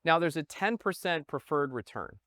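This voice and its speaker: Animated man pitching with lively pitch. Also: normal speed, no echo. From Midwest United States. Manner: animated, punctuates with "okay?", addresses viewers as "guys". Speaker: real estate investor pitching a fund. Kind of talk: presentation to investors.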